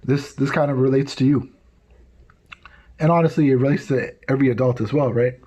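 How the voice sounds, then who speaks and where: A man telling religious stories to tweens in a casual, animated way, checking in with the listeners often. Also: mid-range voice, fairly quick. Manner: casual, animated, tags lines with "right?"; acts out quoted voices. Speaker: youth speaker. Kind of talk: storytelling talk to tweens.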